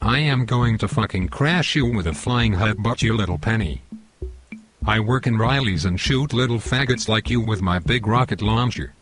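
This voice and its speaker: A male text-to-speech voice playing a boastful, violent football hooligan, in a flat robotic delivery. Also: fairly low pitch, normal speed, soft background music, lightly acted. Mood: boastful threats.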